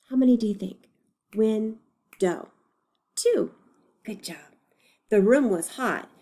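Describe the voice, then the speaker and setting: A woman teacher leads young children through a reading lesson at an unhurried pace. Her voice is mellow and soft-edged, and she speaks patiently and encouragingly, sounding out each word carefully. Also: medium pitch. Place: recorded lesson video.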